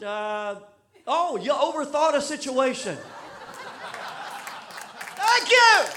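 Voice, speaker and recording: High-voiced preacher telling stories. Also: male voice, sing-song, slow pace, a crowd in the background, background noise. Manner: storytelling, self-deprecating, rising to emphatic preaching. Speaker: pastor. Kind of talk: sermon.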